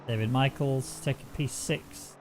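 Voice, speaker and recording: A man's voice: medium pitch, steady tone, measured pace, over music. A man doing casual, jokey sim racing commentary and banter with a co-host. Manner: chatty, jokey, teasing. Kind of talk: live race commentary and banter.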